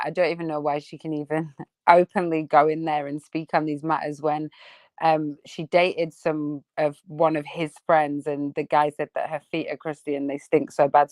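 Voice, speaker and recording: Low-voiced gossipy woman. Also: darkish tone, no room sound. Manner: gossipy, laughing asides. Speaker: panel guest. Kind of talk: casual reaction chat.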